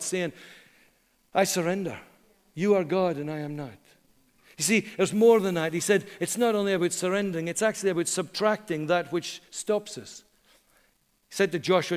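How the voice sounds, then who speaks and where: Middle-aged male pastor preaching, fairly high voice, earnest with dramatic pauses, long church-hall reverb. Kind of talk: sermon.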